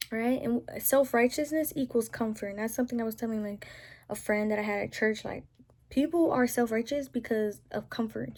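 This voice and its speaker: A woman's voice: a little high, a little mellow. A young Southern woman ranting casually to camera, rambling with lots of "like" and "you know what I'm saying.".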